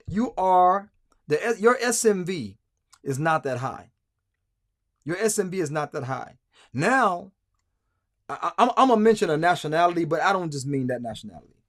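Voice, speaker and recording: A male livestream host talks emphatically, repeating himself and stumbling into restarts. His voice sits a little high. The sound is dry and close to the mic. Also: no room sound. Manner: emphatic, repetitive, stammering restarts. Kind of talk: casual livestream commentary.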